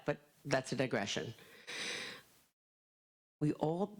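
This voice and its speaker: Animated woman telling stories to an audience. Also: mid-range voice, moderate pace, rough recording. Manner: animated, self-deprecating storyteller acting out quotes. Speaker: author speaking at a library event. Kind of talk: storytelling talk to a live audience.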